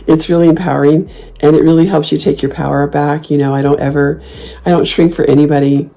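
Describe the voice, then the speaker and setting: A woman's voice: low-pitched, fairly even intonation, fairly quick, mellow. A woman in her fifties talking casually and bluntly, sassy and snarky, swearing freely and slipping into mocking voices when she quotes her comebacks. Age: 50s. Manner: playful mocking put-on voices when quoting herself. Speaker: host. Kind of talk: casual talk to camera.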